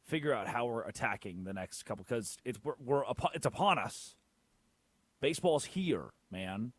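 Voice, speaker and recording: A man hosting a sports radio show in casual studio chat, animated and putting on a southern drawl for bits. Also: mid-range voice, normal speed, husky, dry recording. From Arkansas.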